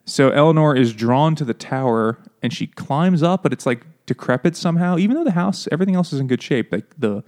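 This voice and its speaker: A man's voice: fairly high pitch, animated, brisk, few pauses, darkish tone. A man co-hosting a casual book club podcast, retelling the story with joking mock quotes. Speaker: podcast co-host.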